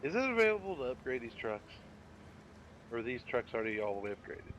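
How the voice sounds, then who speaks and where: A man's voice: medium pitch, very animated, fast, fairly bright tone, dull audio, a little hiss or hum. A man chatting with friends while playing a game, making matter-of-fact, dry remarks. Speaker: co-player on stream. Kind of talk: casual chat while gaming.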